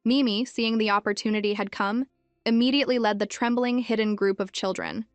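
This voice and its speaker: A woman narrates a story in a steady, scripted storytelling manner. Her voice sits a little high and is recorded close and dry, with soft background music. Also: a little fast, dry recording.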